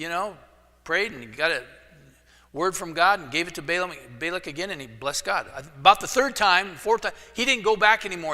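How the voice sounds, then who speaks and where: Male pastor, casual joking sermon style, bright voice, long church reverb. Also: high-pitched. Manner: casual storytelling with jokes. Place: church sanctuary. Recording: echoey church hall.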